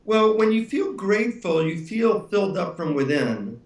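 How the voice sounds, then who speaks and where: A man, an author being interviewed, telling relaxed anecdotes with frequent fillers. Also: sits high, moderate pace. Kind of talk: anecdotal storytelling. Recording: roomy room, distant mic.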